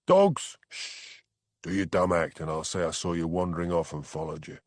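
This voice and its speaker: A man's voice: low-pitched, fairly quick, dry recording, studio quality, pitched below the performer's own voice, natural voice. A man doing a cheeky old Cockney ex-con. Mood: urgent. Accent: faint Cockney. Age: 80s. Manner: slips into a posh upper-class drawl. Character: spry elderly male ex-con, cheeky and amiable.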